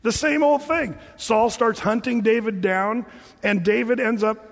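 A man preaching a sermon as an animated storyteller, acting out the scenes for his church. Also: sits high, unhurried, gravelly. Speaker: pastor. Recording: long hall reverb.

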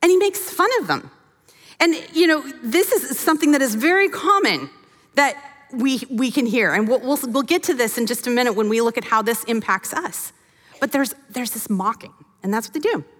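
A woman teaching a sermon from scripture, animated and acting out the characters' voices as she tells the story. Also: a little high, moderate pace, in a large hall. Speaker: Bible teacher.

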